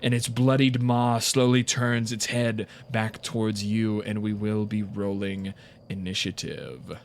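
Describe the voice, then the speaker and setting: A man's voice: on the low side, steady tone, a little slow, vocal fry, a little hiss or hum. Man narrating a tabletop game. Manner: descriptive, full of uh and restarts. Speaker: game master.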